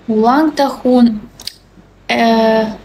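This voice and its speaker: A woman's voice: fairly high pitch, steady tone, drawn-out words, dark tone, slight background noise, rough recording. A young woman in her twenties with a Belarusian accent, chatting cheerfully on a livestream in broken English, repeating greetings and thanks. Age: 20s. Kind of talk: casual live-stream chat reading comments.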